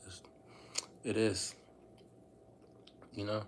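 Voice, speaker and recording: A man's voice: low-pitched, level tone, unhurried, a little hiss or hum. A man casually talking to his viewers on a livestream, rambling and repeating phrases as he addresses them directly.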